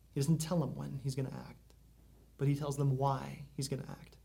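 A man's voice: medium pitch, vocal fry, darkish tone. A man preaching a sermon in a conversational way, full of asides and questions to the congregation. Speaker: pastor.

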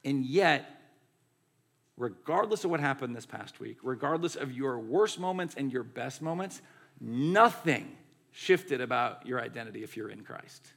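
A man delivers a sermon in a loose, chatty preaching style. His voice carries a gravelly edge at a mid pitch. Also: measured pace. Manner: conversational, animated preaching with many "like" and "right". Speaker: pastor.

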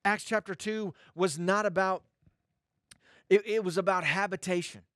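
Pastor guy preaching, high voice, repeats stuff for emphasis, dry close mic. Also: fairly even intonation, moderate pace, fairly bright tone, no room sound. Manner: emphatic, repeats phrases for stress. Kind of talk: sermon.

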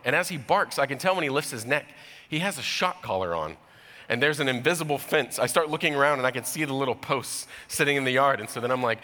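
Bright-voiced man preaching in a hall. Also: mid-range voice, brisk. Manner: storytelling, animated with sudden voiced impressions. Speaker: pastor. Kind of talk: sermon.

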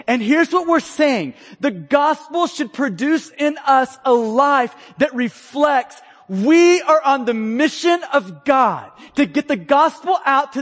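A man preaching a sermon as pastor, teaching earnestly and acting out voices from the stories he tells. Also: extremely high pitch. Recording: long hall reverb.

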